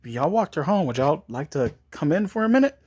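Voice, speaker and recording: A man's voice: a little high, big pitch swings, a little fast, darkish tone, slightly rough, pitched above the performer's own voice. A man voicing a polite but guarded middle-aged mother.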